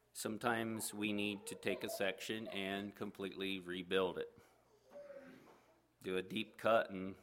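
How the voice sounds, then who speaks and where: Folksy guy preaching, lowish voice, talks plain with lots of uh's. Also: a bit bright. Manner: folksy, plain-spoken with fillers. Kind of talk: parable reading and folksy sermon.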